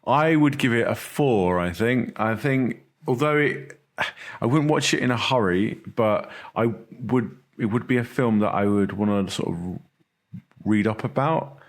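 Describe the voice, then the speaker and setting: A man's voice: on the low side, a little slow. A man hosting a casual film podcast, chatting easily and laughing along with his co-hosts. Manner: laughing, relaxed, hands over to co-hosts. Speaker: podcast host. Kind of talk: casual chat.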